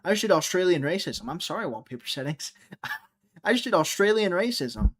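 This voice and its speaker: A man with a slightly high voice hosts a loose, casual livestream. He rambles and cracks jokes, talking straight to the viewers in his chat. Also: very animated, brisk, a bit bright, slightly rough. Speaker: livestream host.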